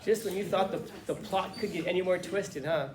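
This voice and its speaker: A male teacher telling a story to his class in a casual, lively, joking way. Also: high voice, brisk. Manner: casual, lively, swears and jokes. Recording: echoey classroom, faint noise.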